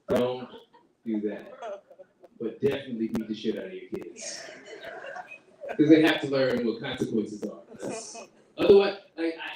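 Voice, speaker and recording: A man doing a crude stand-up comedy set at a home open mic, with an animated delivery and squeaky put-on voices. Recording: echoey room from far off, noisy.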